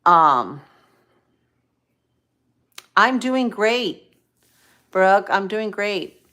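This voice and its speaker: A woman's voice: mid-range voice, animated, drawn-out words, bright, forceful tone. A tired middle-aged woman chatting casually with live viewers while she cooks, folksy, full of ums and y'alls. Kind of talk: casual live-stream chat while cooking.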